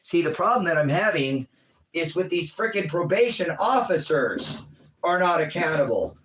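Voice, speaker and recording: A middle-aged man hosting a livestream, talking in a rambling, animated way with quick asides and voices for the people he quotes. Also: on the high side, slight background noise, low-quality recording. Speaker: livestream host.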